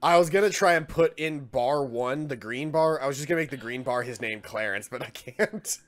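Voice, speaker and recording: A man serves as dungeon master for a tabletop session, speaking at an everyday middle pitch. He jokes with his players and laughs often between recaps. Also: brisk. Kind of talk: running a tabletop game session.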